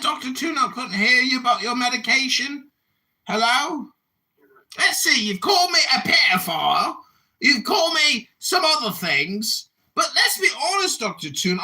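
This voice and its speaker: A man in his forties hosting a livestream, shouting and mocking someone in a heated argument. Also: very high-pitched. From United States. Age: 40s. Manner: mocking, shouting insults, mock British slang. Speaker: livestream host.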